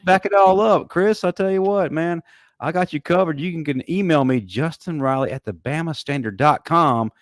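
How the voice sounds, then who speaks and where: Plainspoken friendly co-host. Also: male voice, on the high side, normal speed, no room sound, clean studio sound. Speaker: podcast co-host. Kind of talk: casual panel banter.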